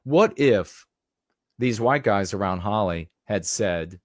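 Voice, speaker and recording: A man's voice: on the low side, expressive, slow, no room sound, studio quality. A man giving a rhetorical, indignant commentary monologue, repeating phrases for emphasis. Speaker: political commentator.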